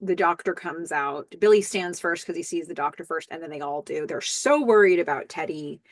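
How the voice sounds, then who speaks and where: A woman hosting a podcast, recapping a TV episode in a casual, animated way and reading the characters' lines aloud in playful voices. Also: on the low side, fairly quick, no room sound, clean studio sound.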